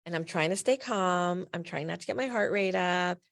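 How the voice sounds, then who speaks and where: A middle-aged woman from New Jersey tells a personal story in a low, gravelly voice. She speaks candidly and with emphasis, dropping blunt asides as a patient advocate who has lived it. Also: moderate pace.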